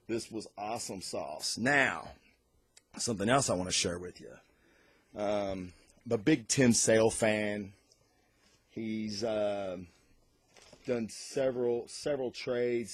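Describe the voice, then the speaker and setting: A man hosts a casual vlog unboxing and reviewing comic books, talking excitably and loosely while cursing freely. His voice is fairly low, and there's no room sound.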